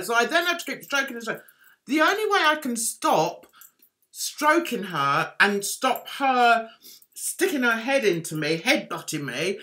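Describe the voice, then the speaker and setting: A woman chats to her livestream viewers, playful and quick to laugh at her own jokes. Her voice is bright and sits a bit high, and her pitch jumps around a lot as she talks. Faint music plays in the background. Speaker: livestream host. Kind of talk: casual livestream chat.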